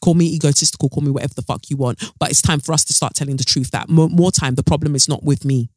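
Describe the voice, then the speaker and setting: A woman's voice: deep voice, steady tone, fast, darkish tone, no echo. A woman hosting her own podcast, speaking alone into a close mic in a blunt, fiery, swearing way. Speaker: podcast host. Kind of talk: solo podcast monologue.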